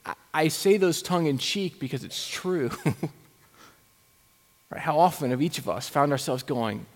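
A pastor preaching a sermon in a conversational way, with rhetorical questions and wry asides. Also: male voice, fairly high pitch, unhurried. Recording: long hall reverb.

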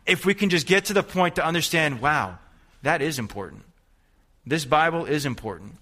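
A man's voice: a little high, animated, moderate pace, bright, forceful tone. A man preaching a sermon as a youth preacher, emphatic and repeating phrases, calling on the congregation to answer back. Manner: call-and-response, urging the congregation.

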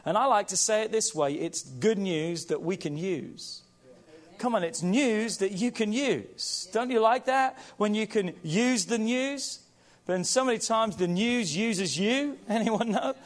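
A man preaches from the pulpit in a high, carrying voice. He hammers key phrases over and over, stretching words out slowly for weight and rallying his listeners to respond. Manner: emphatic, repetitive call-and-response preaching. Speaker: pastor. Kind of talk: sermon.

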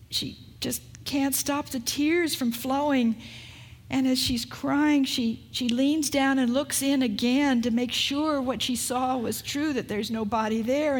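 A woman pastor preaching a sermon, retelling a story in an unhurried way and asking rhetorical questions. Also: fairly high pitch.

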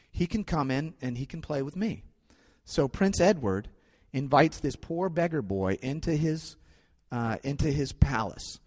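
A man informally retelling a classic story to an audience, in a conversational, animated way that often restarts phrases. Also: medium pitch, in a large hall.

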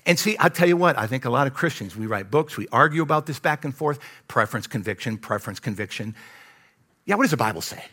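A middle-aged man preaching a sermon as pastor, animated, swinging between loud and hushed as he acts out quotes. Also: mid-range voice, fast.

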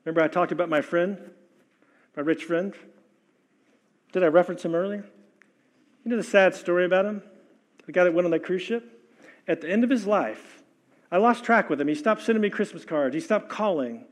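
An older man preaching a sermon as pastor, impassioned, swinging between loud exhortation and hushed, soft lines. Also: high voice, brisk, long pauses.

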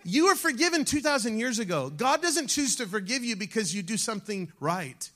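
With a high-sitting voice and a fairly quick pace, a pastor calls out to his flock during a sermon. He preaches with animation, alternating between shouting and dropping nearly to a whisper.

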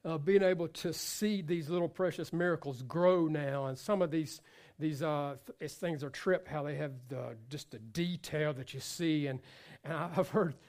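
A male pastor preaching a sermon, passionate and repetitive, swinging between loud exhortation and quiet asides, joking with the congregation. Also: on the high side, moderate pace. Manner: repeats phrases for emphasis, jokes with the congregation.

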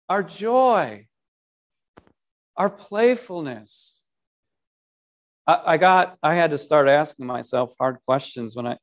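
Slow, high-voiced animated man preaching. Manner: animated, many restarts and repeated words, rhetorical questions. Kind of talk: short devotional sermon.

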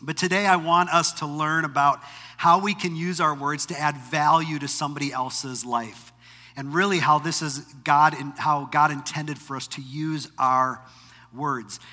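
A middle-aged male pastor delivers a sermon in a bright, forceful voice that sits a little high for a man. He speaks conversationally and pokes fun at himself as he tells stories. A long reverb from a large hall trails every phrase. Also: steady tone, moderate pace. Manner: conversational storytelling with self-deprecating humor.

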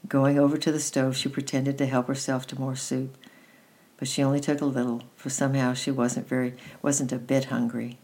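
A woman reads a children's story aloud in a gentle, unhurried way, now and then stumbling and restarting a phrase. Her voice sits unusually low for a woman. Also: flat delivery. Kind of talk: reading a children's book aloud.

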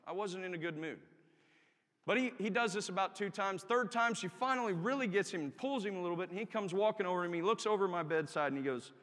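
A man's voice: sits high, fast talker, fairly bright tone. Earnest preacher man in a reverberant church. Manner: earnest, candid storytelling with emphatic rises. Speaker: army chaplain preaching. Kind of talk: testimony sermon. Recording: long reverb of a church hall.

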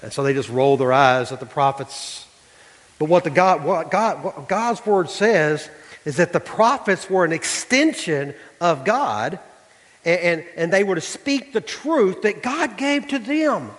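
Animated preacher in a reverberant church. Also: male voice, sits high, unhurried. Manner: animated preaching, voice rising to near shouts. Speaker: pastor. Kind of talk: sermon. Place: church sanctuary.

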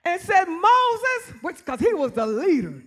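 In a church, a woman preacher delivers a shouted, repetitive sermon, calling congregants by name and drawing responses from them. Her very high voice swings widely in pitch and moves a little slowly.

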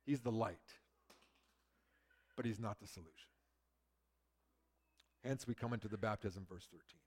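A middle-aged man preaching a sermon, who swings from loud emphasis to a hushed near-whisper. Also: lowish voice, moderate pace, husky. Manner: acts out quoted people in lively voices. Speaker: pastor.

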